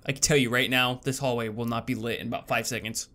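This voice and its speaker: A man's voice: mid-range voice, fairly even intonation, fast talker, bright, forceful tone. Jumpy man narrating a horror game. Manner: jumpy, swearing, nervous self-talk. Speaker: gaming channel host. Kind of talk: horror game let's play commentary.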